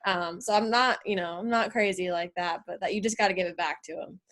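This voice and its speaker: A young woman, a college softball player, talking casually and in a relaxed, chatty way on a video call. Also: on the low side, brisk. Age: young adult.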